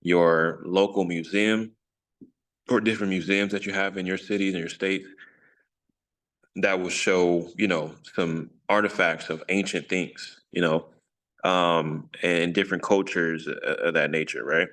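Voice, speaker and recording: A man's voice: deep voice, fairly even intonation, a little slow, fairly bright tone. A man teaching an informal scripture study, rambling and self-correcting with jokes along the way. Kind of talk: casual online study lesson.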